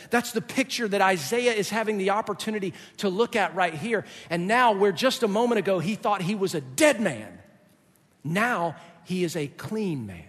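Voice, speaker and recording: A man's voice: high voice, a bit bright, breathy edge. A male pastor preaching a sermon in an emphatic, explanatory way. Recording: long reverb of a large hall.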